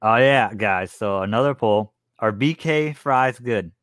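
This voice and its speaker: A man's voice: fairly low pitch, fairly bright tone, no room sound. Dry, close-miked young man teasing. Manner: quick, teasing, reading out poll results. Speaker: podcast co-host. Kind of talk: casual podcast banter.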